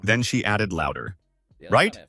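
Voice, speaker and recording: A man's voice: on the low side, normal speed. Man narrating a dramatic story. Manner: dramatic, lively first-person storytelling.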